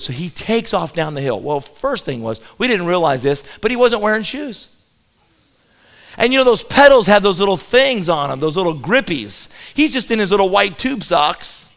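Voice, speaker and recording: A man with a notably high voice telling a comic story to a listening crowd. He is animated and tends to double up the first word of a sentence as he gets going. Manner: animated, repeats words when starting sentences.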